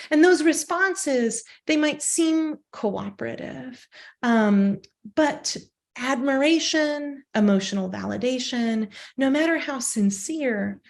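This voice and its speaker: A woman lecturing on philosophy in a measured academic style, often adding "um" and a rhetorical "right?". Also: fairly high pitch.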